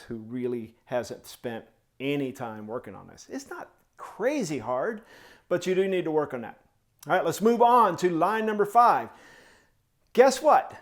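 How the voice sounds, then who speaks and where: Man, drum teacher, slightly higher voice, sings rhythms in syllables, counts off, encouraging tutorial. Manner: coaching and encouraging. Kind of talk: step-by-step music tutorial.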